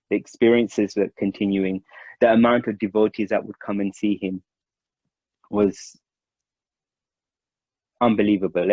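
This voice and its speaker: A man from Mauritius telling stories in a relaxed, informal way, laughing now and then and calling people "bro". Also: fairly low pitch, no echo. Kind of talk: casual storytelling. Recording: dull lo-fi dry sound.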